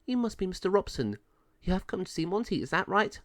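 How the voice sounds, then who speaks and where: A man's voice: very animated, quick pace, fairly bright tone, dry recording, studio quality. A man putting on a chirpy pound officer woman. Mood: cheery. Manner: high sing-song put-on voice.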